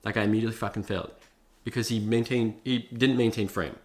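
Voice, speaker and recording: A man's voice: fairly low pitch, fairly even intonation, fast talker. A young man vlogging advice in a loose, profane way, heavy on fillers like "like" and "bro.". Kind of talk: casual talking-head advice.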